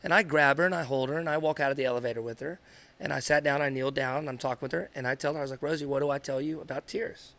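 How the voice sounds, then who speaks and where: Man, podcast co-host, high gravelly bright voice, earnest and rambling, dry close sound. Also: steady tone, racing. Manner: earnest, rambling, repeats himself. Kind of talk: candid podcast conversation.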